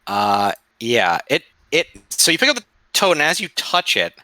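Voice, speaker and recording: A man running a tabletop game, his bright voice rising and falling as he narrates. He stumbles, restarts and curses under his breath at the menus. The sound is dry and close, with no room around it. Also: on the high side, huge pitch swings, normal speed, no echo. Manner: swears and mutters while working the game menus. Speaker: game master.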